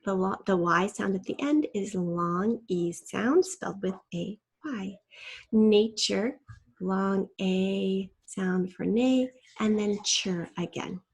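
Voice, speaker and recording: A woman's voice: medium pitch, slow, husky. A woman teacher giving a patient, step-by-step spelling lesson and spelling out letters from a shared document.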